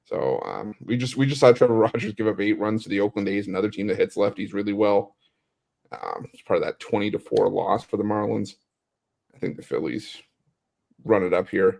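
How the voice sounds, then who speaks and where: Gravelly man reeling off betting stats. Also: on the low side, darkish tone. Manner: measured, stat-heavy, lots of fillers. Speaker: sports betting analyst. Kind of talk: live sports picks show chat.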